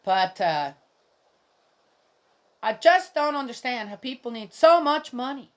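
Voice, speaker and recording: A woman's voice: on the high side, lively intonation, measured pace. A middle-aged woman giving casual, indignant commentary on a Bible reading, rambling and speaking straight to her viewers.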